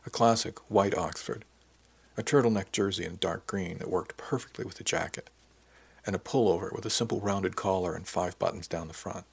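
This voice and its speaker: A man narrating a first-person audiobook in a measured, descriptive manner. His voice is deep and husky.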